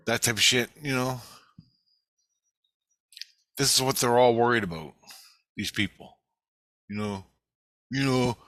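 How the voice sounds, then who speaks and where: A man with a lowish voice tells a long story off the cuff, swearing freely as he rambles on. His tone is bright and forceful, and he keeps hammering his points home. The sound is close and dry, with no room around it. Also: a little slow, long pauses, no echo. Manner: profane, rambling, emphatic. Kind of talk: casual monologue recounting a dream.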